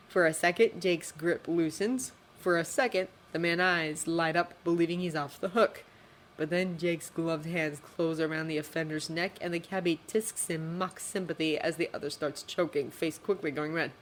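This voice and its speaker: Low-voiced woman reading a story. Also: moderate pace. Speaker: fanfiction reader. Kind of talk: reading fanfiction aloud.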